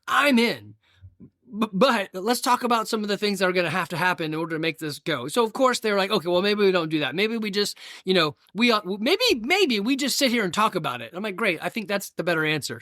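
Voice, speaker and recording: Lively bright-voiced male podcast host. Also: high-pitched, dry recording, studio quality. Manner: storytelling, conversational with fillers and restarts. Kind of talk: casual solo podcast talk.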